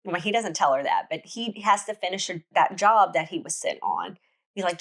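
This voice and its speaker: Woman host, mid-pitched, chatty storyteller recapping a book plot. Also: big pitch swings, moderate pace. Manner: chatty storytelling with frequent restarts.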